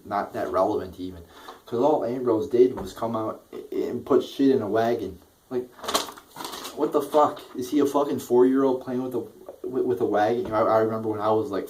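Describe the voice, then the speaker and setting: A man's voice: lowish voice, a little mellow, recorded from a distance, a little hiss or hum, rough recording. A young man ranting through a wrestling show review, exasperated, swearing constantly and repeating himself.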